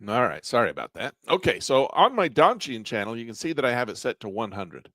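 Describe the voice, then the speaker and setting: A man's voice: medium pitch, big pitch swings, fairly quick, pushed and bright, dry recording. Man teaching with a fading voice. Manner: conversational, explains step by step, frequently clears throat. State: losing his voice. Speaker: trading instructor. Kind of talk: live online class walking through charting software.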